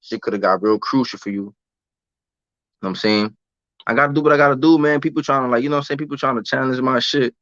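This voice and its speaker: A man's voice: medium pitch, fast talker, a bit bright, dry recording. Slangy young man ranting on a stream. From United States. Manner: loose, street-slang, repeats phrases. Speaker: live-stream host. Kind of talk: casual live-stream rant. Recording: dull lo-fi dry sound.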